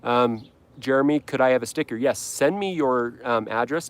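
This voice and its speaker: A man from Utah hosts a casual lawn care livestream, his medium-pitched voice clear and resonant at a moderate pace. He rambles, corrects himself, and jokes around as he reads viewer comments.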